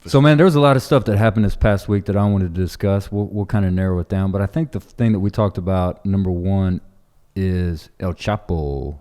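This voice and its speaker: A man with a lowish voice hosts a laid-back beer podcast, teasing his friends and chuckling as he tells a story. His voice trails off into a room with a long, lingering reverb. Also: a little fast, dark tone. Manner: teasing, laughs through his own stories. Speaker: podcast host. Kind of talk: casual chat over beers.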